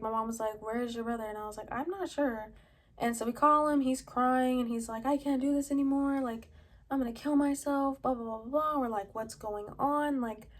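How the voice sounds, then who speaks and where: A young woman talks into her camera at home, her voice sitting a little high. She rambles casually, leaning on fillers like "like" and "um" as she tells a personal story. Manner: rambling, heavy use of "like" and "um", with short laughs. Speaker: vlogger.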